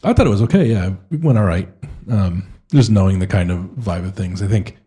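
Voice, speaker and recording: A man's voice: on the low side, animated, fairly quick, mellow, breathy edge. A man co-hosting a casual tabletop-gaming chat, talking in a hesitant, self-deprecating way with many restarts. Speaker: podcast co-host and game master.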